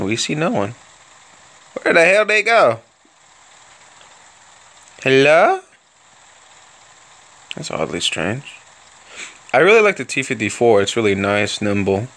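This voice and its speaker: Man, young adult, gameplay commentary, playful fake Russian accent, slow delivery, very lively swooping pitch. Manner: playful mock Russian accent put on throughout; excitable outbursts during battle. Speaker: gaming video host.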